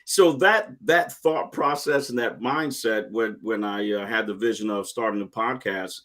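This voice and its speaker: A middle-aged man, a retired Marine, talking in a casual interview with earnest, animated storytelling and frequent restarts. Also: lowish voice, measured pace. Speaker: guest, retired Marine and podcast host.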